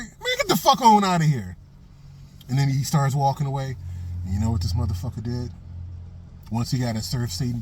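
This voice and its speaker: A man's voice: mid-range voice, darkish tone, a little hiss or hum. A middle-aged man giving a blunt, profane opinion monologue for his vlog, telling stories and hammering points with repeated phrases. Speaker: vlogger. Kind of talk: casual opinion monologue with storytelling.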